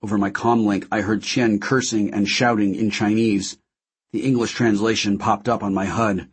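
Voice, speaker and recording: Man, audiobook narrator, first person, measured, dramatic, husky. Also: on the low side, level tone.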